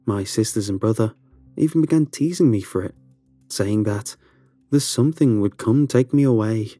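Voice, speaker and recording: A man reading a first-person horror story aloud, with a slow, dramatic storytelling delivery. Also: lowish voice, warm tone, no room sound, soft background music. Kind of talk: scripted horror narration.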